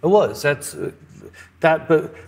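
A man's voice: a little high, takes it slowly, creaky, breathy edge. A man in middle age talks over a podcast in an easy, conversational way. He tells stories with animation, dropping into little voices for the people he quotes. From Australia. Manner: animated storyteller, acts out quotes. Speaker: podcast co-host. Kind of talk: casual chat.

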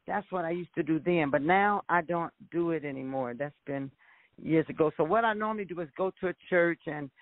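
A woman's voice: low-pitched, fairly quick, no room sound. A woman evangelist calling into a talk show, chatting casually with friendly asides. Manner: lively and laughing, friendly asides. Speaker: evangelist caller. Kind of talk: casual chat. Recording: dry, tinny phone line.

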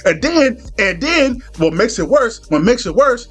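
A man's voice: high voice, animated, moderate pace, a bit bright, soft background music. A man telling a comedic story in a profane, rambling way, full of restarts and quoted dialogue.

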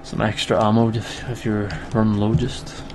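A young man commentating his own gameplay, swearing freely and shouting at enemies as he plays. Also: fairly low pitch, normal speed. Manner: sweary, excitable, talks to enemies. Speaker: let's play gamer. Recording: noisy home mic recording.

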